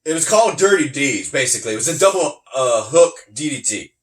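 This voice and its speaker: Excitable male co-host, slightly distant mic, swears when shocked. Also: mid-range voice, fairly quick. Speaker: podcast co-host. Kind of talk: casual chat.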